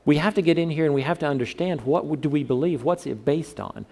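A man's voice: a little high, a little fast, creaky, a little mellow. A man from the southern United States preaching a sermon in a conversational way, often asking his listeners questions. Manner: conversational, asks the congregation questions. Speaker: pastor.

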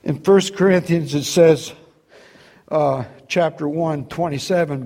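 A man's voice: fairly high pitch, measured pace, a little mellow. Man telling his testimony from the pulpit. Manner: storytelling, acts out dialogue, laughs often. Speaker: preacher giving testimony. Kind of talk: testimony sermon.

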